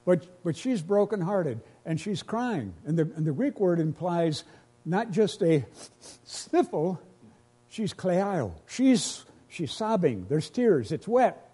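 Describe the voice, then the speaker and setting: A man's voice: sits high, very animated, takes it slowly, dark tone, breathy edge. A pastor preaching a sermon to his congregation, earnest and emotional, repeating phrases as he builds each point.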